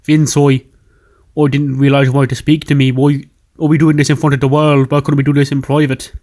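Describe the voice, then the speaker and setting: An earnest young male wrestler pleads his case quickly and defensively, as a man puts him on. His voice stays close to an everyday tone. It's a casual game-recap voice. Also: medium pitch, little pitch movement, a little mellow, lightly acted.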